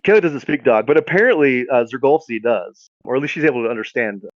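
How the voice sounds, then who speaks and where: A man's voice: medium pitch, lively intonation, fast, dry recording, muffled recording. A man co-hosting a podcast, telling a comedic story in a rambling, casual way. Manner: rambling, lots of fillers and restarts. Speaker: podcast co-host.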